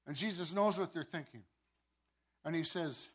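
A pastor telling a sermon story, with many repeated words and restarts. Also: male voice, fairly high pitch, expressive, quick pace, a bit bright, breathy edge.

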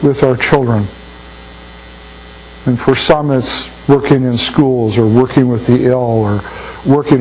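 A man's voice: mid-range voice, darkish tone, low-quality recording. An older man preaching a sermon in a folksy, anecdotal way, often repeating words as he thinks. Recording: faint mains hum.

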